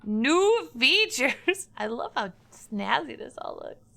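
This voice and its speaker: High-voiced playful woman streamer, chatty, greets viewers, sudden squeals. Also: sing-song, takes it slowly, vocal fry, bright, forceful tone. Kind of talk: casual livestream chat.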